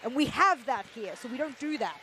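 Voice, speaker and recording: High-voiced playful female esports host. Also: brisk. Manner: playful, animated banter. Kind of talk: live esports desk commentary. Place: event venue broadcast desk.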